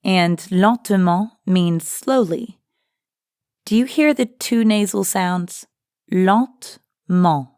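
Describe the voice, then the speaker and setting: A woman co-hosting a scripted language lesson, explaining phrases in a friendly, clear way. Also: mid-range voice, slow, a little mellow, no room sound, clean studio sound. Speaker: language teacher and co-host.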